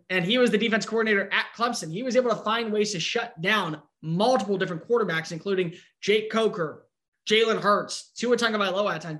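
A man giving an opinionated, animated breakdown in casual sports talk. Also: high voice. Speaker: sports analyst.

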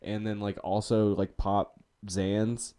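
A man's voice: on the low side, flat delivery, slow pace, dark tone, clear, resonant tone. A man co-hosting a podcast in casual chat, with loose, profane, joking banter. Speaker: podcast co-host.

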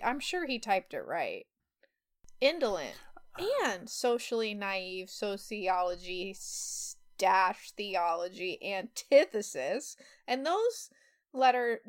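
A woman co-hosting a casual podcast chat, reading tweets aloud and laughing often. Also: medium pitch. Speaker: podcast co-host.

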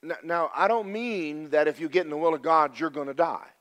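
An older man, preaching a folksy, storytelling sermon that swings from loud declarations to hushed confessions. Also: on the high side, a little fast.

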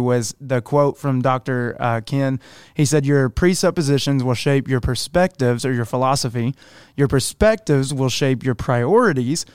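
A man's voice: mid-range voice, clean tone, dry recording, clean studio sound. A man co-hosting a church podcast, telling stories in a chatty way and laughing easily. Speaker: podcast co-host. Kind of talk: casual chat.

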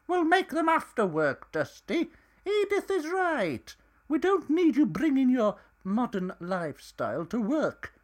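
A woman's voice: sits high, big pitch swings, a little slow, exaggerated voice. A woman voicing a blunt middle-aged hotel boss with a brusque manner. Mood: bossy. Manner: brusque, mild British curses.

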